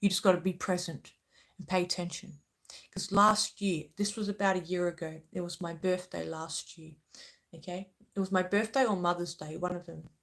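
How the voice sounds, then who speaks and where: A woman's voice: fairly low pitch, steady tone, normal speed, fairly bright tone. A woman hosting a spiritual channel, speaking earnestly and passionately to her viewers, often checking in with "okay?". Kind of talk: emotional spiritual talk to viewers.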